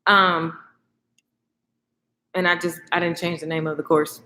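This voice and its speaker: A woman hosting a casual late-night live stream, animated and slangy, laughing often and talking straight to her viewers. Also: on the low side, unhurried, a little hiss or hum. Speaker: live stream host, beauty professional. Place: echoey room, home at night. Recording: echoey room.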